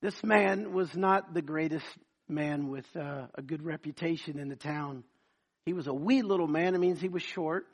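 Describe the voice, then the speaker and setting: A man's voice: a little high, normal speed, slightly rough. A man preaching a sermon, telling stories dramatically and acting out the voices.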